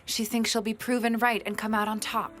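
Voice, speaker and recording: An actress playing a sharp-tongued, scornful woman in a dubbed TV drama. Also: on the high side, flat delivery, fairly quick, soft background music, lightly acted.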